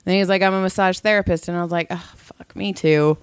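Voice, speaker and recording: A woman's voice: on the low side, fairly even intonation, racing, clean tone, dry recording. Blunt, profane woman co-host. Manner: blunt and profane, laughs easily. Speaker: podcast co-host. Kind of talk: casual chat.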